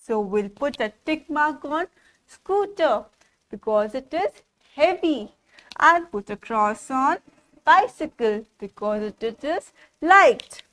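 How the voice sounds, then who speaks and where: A woman teaches a class of small children. Her voice sits high, and she speaks slowly, repeating each word in a sing-song rhythm and stopping often to ask questions. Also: animated, fairly bright tone. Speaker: preschool teacher.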